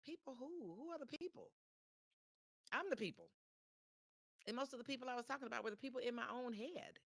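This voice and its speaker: A woman's voice: a little high, animated, fairly quick, creaky, a bit bright, no room sound, studio quality. A woman hosting a motivational podcast, talking straight to her listeners in a chatty, repetitive way with many restarts. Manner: chatty, repeats phrases, frequent restarts. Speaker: podcast host. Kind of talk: motivational live-stream monologue. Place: home live stream.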